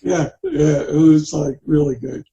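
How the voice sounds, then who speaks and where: A middle-aged man co-hosting a casual chat about films, relaxed and halting, often chiming in with short replies. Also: a little high, creaky, muffled recording. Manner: relaxed, halting, chimes in briefly. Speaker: podcast co-host.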